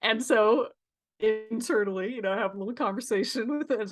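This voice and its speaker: A woman's voice: on the high side, brisk, over music. A woman guest on a podcast, talking casually and reflectively about creativity, with frequent fillers and restarts. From San Diego, California. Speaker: therapist guest.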